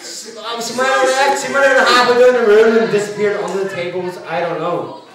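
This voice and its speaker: Brash stand-up comic, echoey club. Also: male voice, high voice, fairly even intonation, a little fast, crowd noise. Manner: brash storytelling, acts out hecklers. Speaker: stand-up comedian. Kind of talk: stand-up comedy set. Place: comedy club stage, large room. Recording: echoey club from far off, audience noise.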